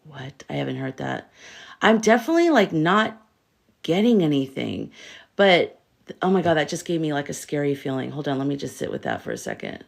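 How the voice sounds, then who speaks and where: Animated woman hosting a live stream. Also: low-pitched, brisk, gravelly. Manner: animated, rhetorical questions, reads viewer comments aloud. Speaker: tarot reader and livestream host. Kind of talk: casual live-stream chat.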